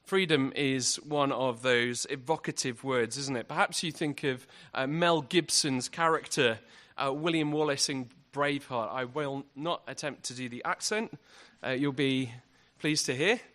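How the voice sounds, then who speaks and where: A man's voice: fairly high pitch, normal speed, a bit bright. A man giving an evangelistic talk at a university event, earnest and full of rhetorical questions. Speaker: guest speaker.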